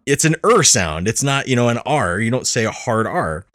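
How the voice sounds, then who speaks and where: A man's voice: medium pitch, sing-song, moderate pace, a bit bright, no echo, clean studio sound. A man hosting a podcast, telling a story in casual chat, laughing often and swearing freely. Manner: profane. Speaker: podcast host.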